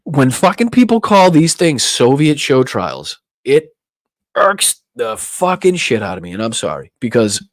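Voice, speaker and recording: A man's voice: medium pitch, very animated, measured pace, no echo. Profane ranting Boston man, dry sound. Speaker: political podcast host. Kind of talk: live-stream rant.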